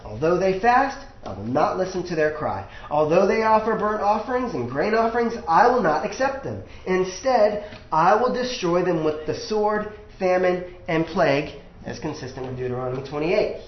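A man preaching a sermon as pastor, animated and acting out the voices he quotes. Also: high voice, normal speed, few pauses. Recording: echoey room, dull lo-fi sound.

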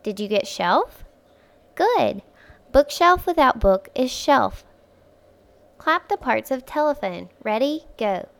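A woman hosting a phonics lesson for young children, speaking clearly and patiently, stretching words out syllable by syllable and encouraging the listener. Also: high-pitched, very animated, slow, pauses often. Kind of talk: slow, clear instructional speech for young children.

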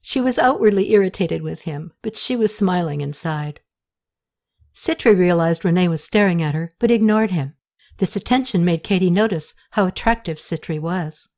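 Woman narrating an audiobook calmly. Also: fairly low pitch, moderate pace.

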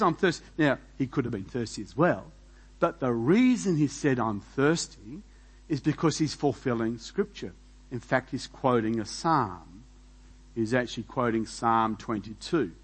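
A man preaching a sermon as pastor, animated and full of rhetorical questions, laughing between points. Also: mid-range voice, breathy edge, poor audio.

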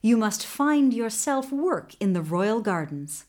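A woman voicing a wise male talking colt in a storybook, speaking calmly and solemnly. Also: on the high side, slow pace. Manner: calm, solemn instruction.

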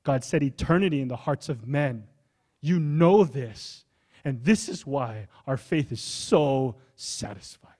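A male pastor preaching a sermon in a church, impassioned, moving from hushed to high pleading. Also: expressive, unhurried.

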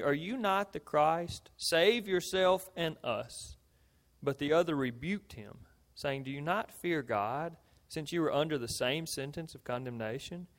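Earnest male preacher, slightly high voice. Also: gravelly. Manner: earnest, rises to emphatic then drops low. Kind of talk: sermon.

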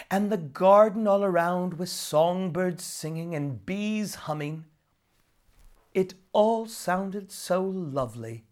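A narrator reading a folk tale aloud in a storybook reading style. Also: mid-range voice. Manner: expressive, slow storytelling.

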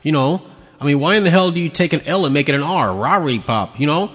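A man's voice: on the high side, quick pace, husky. Angry, profane ranting man. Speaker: podcast host. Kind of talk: ranting commentary on video clips. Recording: long hall reverb.

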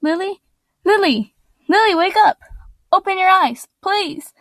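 A woman's voice: high voice, flat delivery, normal speed, darkish tone, dry recording, natural voice. A woman voicing a loyal, playful young heroine girl in a storybook reading. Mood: tearful pleading. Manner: playful, then pleading and tearful.

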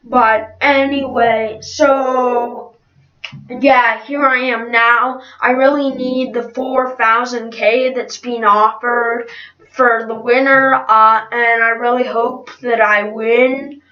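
A woman's voice: fairly high pitch, steady tone, slow. A middle-aged woman improvising a solo role-play with many hesitant fillers, recorded from a distance in an echoey room. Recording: distant, roomy, dull lo-fi.

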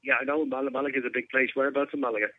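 A man's voice: mid-range voice, flat delivery, racing. A man answering a phone call, guarded and asking short questions. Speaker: phone contact. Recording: tinny phone line.

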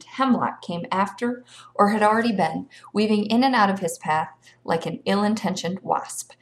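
A woman reading a children's novel aloud in a steady storytelling manner. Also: fairly low pitch. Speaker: reader.

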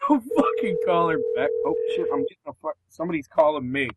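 A man co-hosting a comedy podcast in casual chat, loud and exclaiming, laughing a lot. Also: on the high side, animated, fast, heavy background noise. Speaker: podcast co-host.

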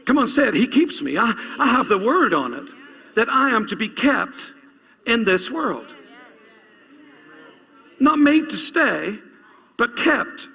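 A man's voice: very high voice, very animated, slow, vocal fry, pauses often, bright, forceful tone. A male pastor preaching a sermon, reading scripture aloud and urging the congregation to repeat lines after him. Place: church. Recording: long reverb of a church hall.

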